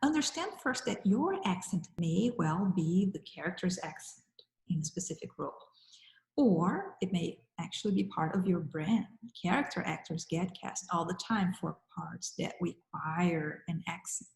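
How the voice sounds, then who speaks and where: A woman giving an acting lesson in a measured, encouraging way, talking straight to the listener. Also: fairly low pitch, lively intonation, vocal fry, a little mellow, echoey room, rough recording. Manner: measured, encouraging, direct address. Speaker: acting teacher. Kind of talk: instructional talk to camera.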